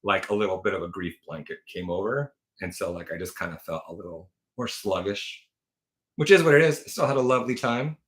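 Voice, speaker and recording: A man chatting on a livestream from home, his lowish voice carrying a bright, forward edge. He rambles through anecdotes, restarting sentences and leaning on fillers. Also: a little fast. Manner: chatty rambling storyteller, frequent fillers and self-corrections. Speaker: livestream host. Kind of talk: casual livestream chat.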